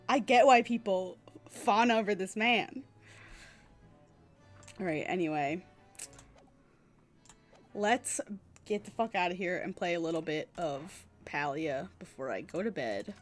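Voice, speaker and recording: Young woman streaming games, gushy n excitable, slow easy talk, bit of music behind. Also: medium pitch. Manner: excitable, gushing, swears casually. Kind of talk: casual game stream commentary.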